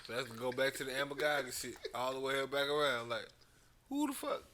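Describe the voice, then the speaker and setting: A man's voice: medium pitch, fast. A man co-hosting a podcast, telling stories in a loose, profane way and laughing often. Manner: animated, laughing, profane storytelling. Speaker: podcast co-host. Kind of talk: casual chat.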